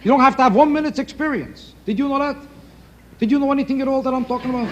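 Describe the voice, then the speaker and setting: A man doing a rambling stand-up comedy routine on a TV stage, teasing the audience between jokes. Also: very high-pitched. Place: television studio stage before an audience. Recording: loud studio audience laughter and noise.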